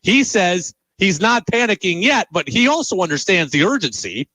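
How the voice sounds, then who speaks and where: Exasperated high-voiced radio host. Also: male voice, very animated, normal speed, sharp tone, dry recording, poor audio. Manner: exasperated, emphatic, repeating his points. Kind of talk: sports talk radio monologue.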